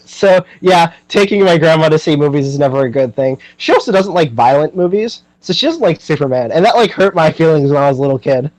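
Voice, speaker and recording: A man's voice: fairly high pitch, expressive, brisk, hardly any pauses, darkish tone, no room sound, poor audio. A young man hosting a podcast, chatting casually and animatedly, with lots of fillers and frequent laughter. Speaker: podcast host.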